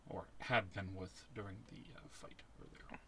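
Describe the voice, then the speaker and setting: A man narrating a tabletop game as its game master in a slow, measured way. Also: deep voice, steady tone, a bit bright, a little hiss or hum.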